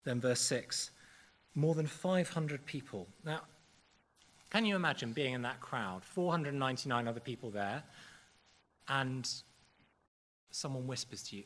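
A man preaching a sermon in a church service, earnest and measured, with occasional fillers. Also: medium pitch, a bit bright, a little hiss or hum.

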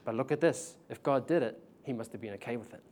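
A man's voice: mid-range voice, fast, crowd noise. Young kiwi preacher guy telling a healing story, slangy, laughs a lot. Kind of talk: testimony sermon.

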